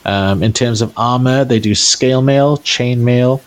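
A man's voice: mid-range voice, a little slow. A man running a tabletop game as game master, narrating casually with many fillers. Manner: relaxed, filler-heavy narration.

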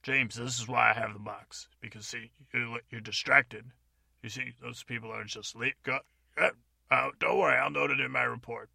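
A man's voice: medium pitch, fairly even intonation, normal speed, vocal fry, sharp tone, no room sound, clean studio sound, heavily acted. A man voicing a bossy, pompous old-time man who guards a box and acts like an official inspector.

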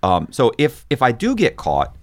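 A man guest in an interview, telling a story with animated, quick run-on phrasing. He acts out the people he quotes with sudden jumps in pitch. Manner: rapid, repetitive run-on phrasing with frequent restarts. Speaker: podcast guest.

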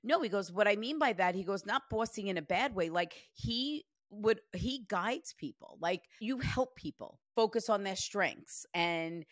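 A woman's voice: medium pitch, animated, measured pace, hardly any pauses, no echo. A chatty woman medium talks loosely, full of "like" and quoted messages. The sound is dry and close, with no room around her voice. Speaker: psychic medium host. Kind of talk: casual reading session.

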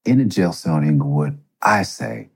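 A man's voice: lively intonation, normal speed. A man casually telling a personal story on a podcast, loose and profane, with lots of fillers. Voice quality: gravelly, husky low voice.

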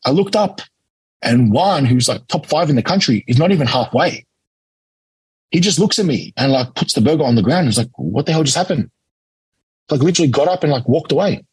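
A young man with an Australian accent recounts a story in casual interview chat, slipping into the voices of the people he quotes. His voice is very husky and breathy, and it is recorded dry and close with no room sound. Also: fairly high pitch, a little fast, no echo, rough recording. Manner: animated anecdote-telling, acts out quotes. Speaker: interview guest, competitive eater.

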